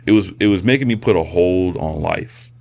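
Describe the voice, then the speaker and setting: A man, a podcast guest, sharing a personal testimony in a halting, soft-spoken way with many fillers and restarts. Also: low-pitched, vocal fry. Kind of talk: personal testimony in casual conversation.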